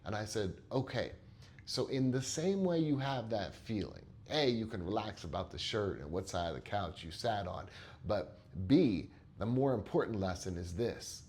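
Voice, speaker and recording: A man with a fairly low voice talks earnestly as a therapist recounting a session. His delivery is conversational, and he doubles up words as he starts each point. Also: darkish tone. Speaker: therapist and coach. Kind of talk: storytelling monologue.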